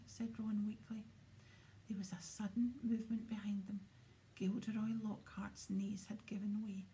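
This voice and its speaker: Woman reading a storybook, mellow low tone, goes whispery a lot. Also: steady tone, a little slow, slight background noise, low-quality recording. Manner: often drops to a hushed whisper. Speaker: audiobook reader. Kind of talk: storybook narration.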